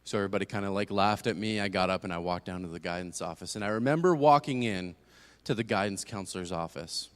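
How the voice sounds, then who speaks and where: A man's voice: sits low, fast, few pauses, clear, resonant tone. Earnest young man preaching testimony. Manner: earnest storytelling, swings from hushed to emphatic. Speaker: guest speaker giving testimony. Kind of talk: personal testimony sermon. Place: church sanctuary. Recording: long hall reverb.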